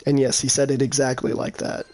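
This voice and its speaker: A man's voice: mid-range voice, flat delivery, brisk, darkish tone. A young man in casual voice chat, telling a crude story with lots of laughing.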